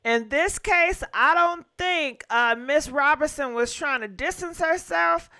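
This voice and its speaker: A woman's voice: high-pitched, unhurried, sharp tone, dry recording. A woman hosting a call-in talk show, speaking firmly and conversationally.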